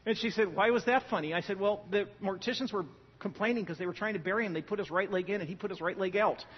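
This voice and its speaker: A man preaching a sermon as pastor, telling a joke and then driving home his point with loud, emphatic bursts and quiet stretches. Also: sits high, quick pace, slight background noise. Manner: animated, joking storyteller who swings from loud emphasis to quiet. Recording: dull lo-fi sound with long hall reverb.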